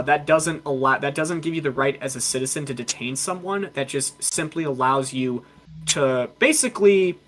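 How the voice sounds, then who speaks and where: A young man, a baseball umpire, telling stories on a casual podcast in an animated way and acting out the quotes. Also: medium pitch. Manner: animated, acts out quotes in character voices.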